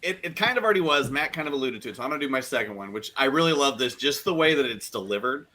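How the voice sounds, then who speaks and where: Lively, bright-voiced male co-host. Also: medium pitch, racing. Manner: excited, stumbles and repeats words while retelling. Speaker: podcast co-host. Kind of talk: casual chat.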